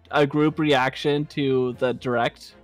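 A man joining a game stream as a guest, chatting casually with quick asides and easy laughter. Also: medium pitch, flat delivery, soft background music.

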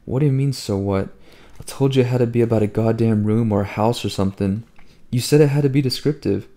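A man's voice: medium pitch, quick pace, dark tone, natural voice. A man voicing a cocky, irritable teenage roommate who gripes and swears. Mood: furious. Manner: griping and profane. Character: cocky male teen prep-school roommate, irritable.

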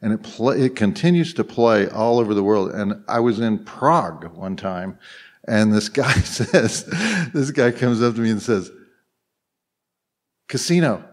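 A man's voice: lowish voice, moderate pace. Rambling man telling stories on a panel. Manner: rambling, heavy on fillers and restarts, chuckling often. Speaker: panel guest. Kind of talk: anecdotal storytelling on a live panel. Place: convention panel room.

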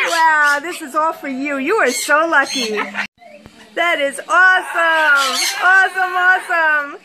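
In an indoor bird room, a woman keeper uses sing-song baby talk to coax her pet birds into saying hello. Her high-pitched voice is steady and unhurried. Loud squawks and chattering from the birds make the recording very noisy.

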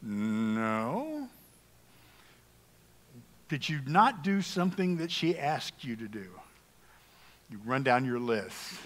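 Jokey pastor in an echoing church. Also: male voice, medium pitch, sing-song, slow pace, long pauses, a bit bright. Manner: folksy, humorous, conversational preaching. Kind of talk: sermon. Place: church sanctuary. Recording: long reverb of a church hall.

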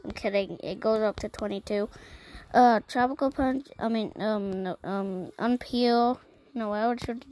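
A female host of a gaming channel talks casually through a long list of items. Her voice sits a little high and her pace is slow and unhurried. She keeps filling the gaps between items with ums and short pauses. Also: darkish tone, rough recording. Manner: listing items one by one, with many ums and pauses.

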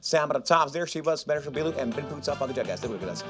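A man's voice: fairly high pitch, lively intonation, racing, music in the background. A man presenting a live casino game, chatting playfully with viewers and joking between rounds. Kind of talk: lively chat with viewers while running a game.

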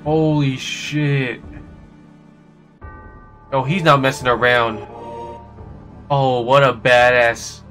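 Bright, excitable young gamer guy. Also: mid-range voice, drawn-out words, long pauses, faint music behind. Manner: excited, slangy, exclaiming. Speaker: streamer playing a game. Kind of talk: let's play reactions.

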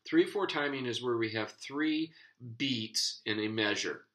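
A man gives a guitar lesson in a bright, forward voice. He explains things patiently and counts the beats out loud as he strums. The delivery is steady and instructional. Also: medium pitch, a little slow, poor audio. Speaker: guitar teacher.

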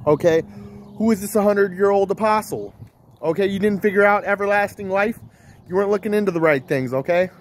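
A man's voice: sits high, fairly quick, slight background noise. A man vlogging in a rambling, giggly, repetitive stream-of-consciousness monologue to camera.

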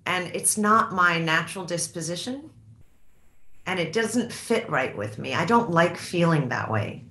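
A woman in her fifties, an author being interviewed in a candid onstage talk, reflective and halting, often restarting her sentences. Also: fairly low pitch, expressive, sharp tone, echoey room.

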